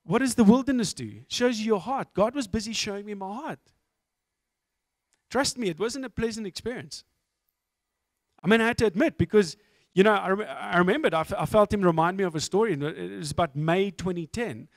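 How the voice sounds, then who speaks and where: A man's voice: sits high, fairly quick, no echo, clean studio sound. A middle-aged man from South Africa with a South African accent, giving a candid, self-mocking testimony talk as a guest speaker.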